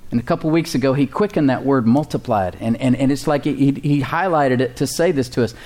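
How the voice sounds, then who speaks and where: A man's voice: medium pitch, brisk, a little mellow. A man preaching a sermon as pastor, calling out to the congregation for responses and chuckling often.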